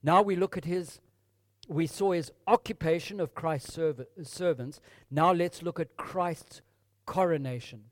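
A man's voice: on the high side, a little slow, dry recording, clean studio sound. A man preaching a sermon, reading scripture with rising emphasis and calling his listeners folks. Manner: addresses congregation as folks.

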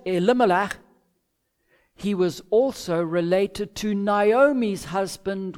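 A man preaching an expository sermon, measured, with emphatic pauses and acted-out quotes. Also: high-pitched, a little mellow. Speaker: pastor.

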